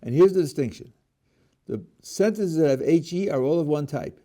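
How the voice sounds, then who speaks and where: Animated, mellow-voiced male rabbi lecturing. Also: fairly high pitch, moderate pace. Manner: explains step by step, asks students questions, restarts words. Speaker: rabbi teaching a class. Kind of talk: lecture on prayer.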